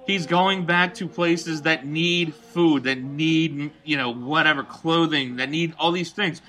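A man's voice: fairly high pitch, measured pace, bright, forceful tone. A man co-hosting a casual bar-talk show, rambling and profane while giving his opinions. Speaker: podcast co-host.

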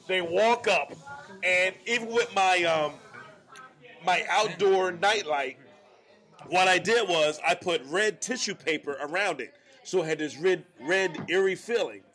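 A man hosting a casual bar podcast, telling a profane, animated story. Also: high voice, a little slow. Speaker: podcast host.

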